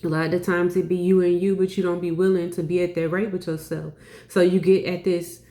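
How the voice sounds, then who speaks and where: A woman delivers a channeled spiritual message, circling back on her phrases with emphatic repetition and casual asides. Her voice sits a little low for a woman. The room around her rings with a noticeable echo. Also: flat delivery, brisk, warm tone. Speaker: spiritual reader.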